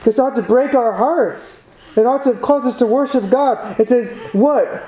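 A man's voice: sits high, unhurried, mellow. A man preaching a sermon, earnest and building emphasis through repetition. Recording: echoey room, faint background noise.

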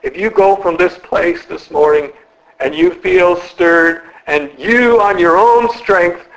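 A man preaching an earnest sermon in a church, slowing and dropping his voice to stress key words. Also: sits high, fairly bright tone, poor audio. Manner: earnest, slows and drops for emphasis.

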